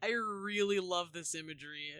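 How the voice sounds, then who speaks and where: A woman's voice: on the low side, normal speed, bright, forceful tone, clear, resonant tone, no room sound, clean studio sound. A woman co-hosting a podcast, making sarcastic, joking comments between readings. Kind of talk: casual chat.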